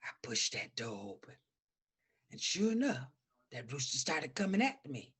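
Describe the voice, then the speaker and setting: Lady spinning a farm tale for kids, lively swooping voice, gets real quiet then loud. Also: lowish voice, normal speed, breathy edge. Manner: animated, dramatic shifts between hushed and loud. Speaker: storyteller. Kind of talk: folk storytelling to children.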